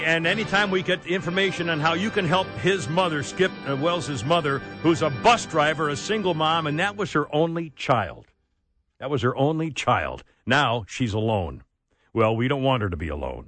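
An angry, sarcastic male talk radio host rants at a studio mic. His voice is high and sharp-edged, and the sound is dry and close. Faint music plays underneath. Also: dry recording.

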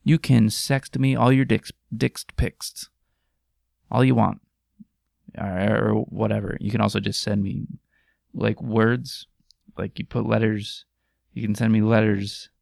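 A man's voice: lowish voice, steady tone, unhurried, vocal fry, long pauses, a little mellow, dry recording, clean studio sound. A man hosting a podcast in casual chat, rambling, jokey and crude. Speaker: podcast host.

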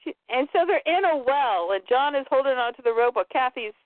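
A woman hosting a podcast who retells a comic story in an animated, playful way. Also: high voice, brisk, no room sound. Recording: dry tinny phone-like sound.

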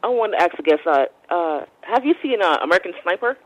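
A woman's voice: on the low side, animated, quick pace, low-quality recording. A woman calling in to a radio show, pressing the guest with probing, skeptical questions. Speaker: caller.

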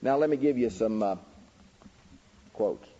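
A man's voice: unhurried, dark tone. A man preaching a lecture-style sermon, pushing his voice up with emphasis on key words. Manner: emphatic, pitch rising sharply on key words. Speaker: preacher teaching a lecture series. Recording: dull recording with long hall reverb.

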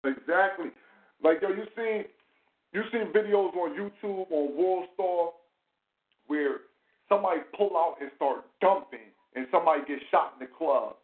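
A man hosting a casual commentary chat, animated and profane, full of rhetorical questions. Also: high voice, normal speed. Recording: tinny phone-like sound in an echoey room.

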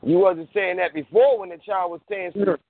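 A man's voice: high voice, a little fast, creaky. A man in casual radio talk, speaking with energy and acting out the voices of parents as he goes. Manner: animated, acts out voices of parents. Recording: tinny phone line.

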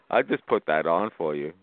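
A man from Boston with a slightly low voice taunts other callers in a brash, laughing way. He is heard over a tinny phone line that sounds dry and close. His delivery is loud and mocking. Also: no echo. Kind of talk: trolling phone chat.

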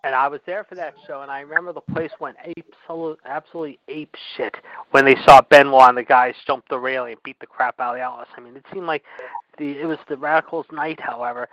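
Fast-talking man from Pittsburgh rambling. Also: medium pitch, no room sound, lo-fi sound. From Pittsburgh area. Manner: rambling, leans on "however" and "I mean". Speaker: podcast co-host. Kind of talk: casual wrestling chat.

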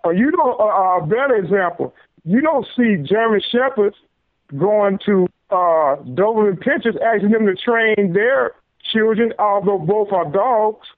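Guest on a call-in show: high-pitched man, halting and repetitive, tinny dry phone line. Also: lively intonation, no echo. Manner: halting, repeats words while making a point. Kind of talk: casual discussion.

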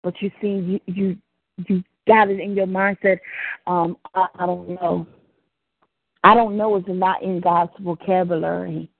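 A woman's voice: on the low side, level tone, moderate pace, no echo. A woman preaching and praying fervently, rising into impassioned pleading. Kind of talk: preached prayer broadcast. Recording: tinny phone line.

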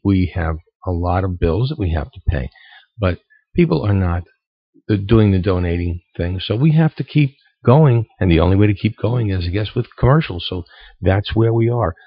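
A man's voice: low-pitched, dry recording. A man hosting a radio show in a casual, earnest way, stumbling and repeating words as he talks to listeners. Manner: earnest, halting, repeats words as he pleads for support. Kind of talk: casual radio talk between records. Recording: dull lo-fi dry studio sound.

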